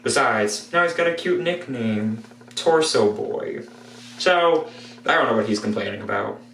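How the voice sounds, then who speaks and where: An actor playing a dim-witted young fast-food worker who tells a story in a deadpan, oblivious way. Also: male voice, medium pitch, vocal fry, distant mic, slight background noise. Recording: roomy, from the mic.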